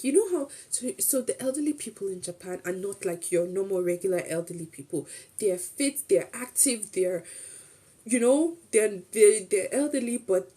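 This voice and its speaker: Husky, mellow-voiced woman telling a story. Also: medium pitch. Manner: chatty and rambling, with restarts and quoted asides. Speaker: streamer. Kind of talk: casual storytelling recap.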